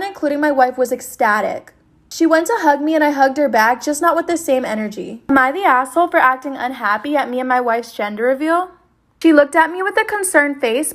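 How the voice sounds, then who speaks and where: A woman reading a first-person forum story aloud in an even, matter-of-fact way. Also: high voice.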